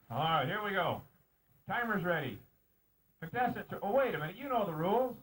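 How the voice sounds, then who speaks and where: A man's voice: sits high, animated, normal speed, fairly bright tone, slight background noise. A man emceeing an outdoor lumberjack show, joking with and teasing the contestants as he calls out the races. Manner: joking, teasing announcer calling out race commands. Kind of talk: live show emceeing with banter. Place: outdoor show arena on a mountain. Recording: distant outdoor home-video sound.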